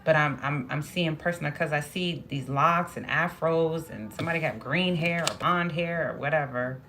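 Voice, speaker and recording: A woman's voice: low-pitched, moderate pace, music in the background. A woman giving a spoken tarot reading, musing aloud and repeating phrases as she draws cards. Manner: musing, repeats phrases, talks to herself while drawing cards. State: emotional at moments. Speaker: tarot reader.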